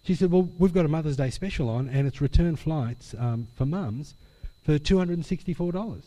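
A man preaching a sermon, telling an animated story and acting out the dialogue. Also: a little high, a little fast. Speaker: pastor. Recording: long hall reverb.

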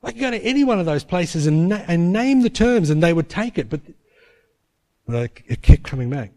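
A man preaching a sermon, telling a story emphatically and dropping to a hush for quoted prayers. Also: a little high, lively intonation, brisk.

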